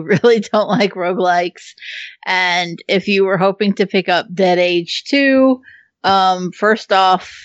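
A woman's voice: medium pitch, dry recording, lo-fi sound. A woman co-hosting a game podcast, talking bluntly with swearing and laughter. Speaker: podcast co-host reviewing games. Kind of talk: casual chat.

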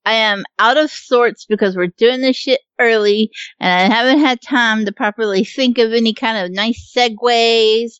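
A woman's voice: a little high, normal speed, hardly any pauses, fairly bright tone, clean tone, no echo, muffled recording. A woman co-hosting a podcast in casual chat, laid-back and swearing freely, stuffy from allergies and hiccups. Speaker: podcast co-host.

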